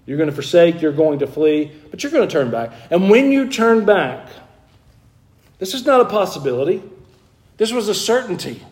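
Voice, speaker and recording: A man's voice: sits high, big pitch swings, moderate pace, a little mellow. A man preaching a sermon in an earnest, emphatic way, restarting phrases and pressing key points. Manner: earnest, emphatic, with frequent restarts and rising stresses.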